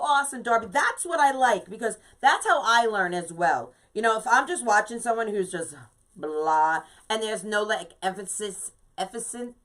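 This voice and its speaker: A woman's voice: medium pitch, fairly bright tone. A woman in her fifties leading a live craft tutorial, chatty and emphatic, greeting viewers by name as she works. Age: 50s. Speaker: craft instructor and shop owner.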